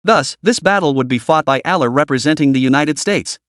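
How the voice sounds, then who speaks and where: A man narrating a scripted story recap in an even storytelling delivery. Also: fairly high pitch, a little fast, dry recording, clean studio sound.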